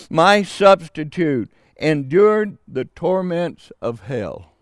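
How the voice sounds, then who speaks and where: An older man preaching a sermon, slow and emphatic with dramatic pauses. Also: medium pitch, dry recording, clean studio sound.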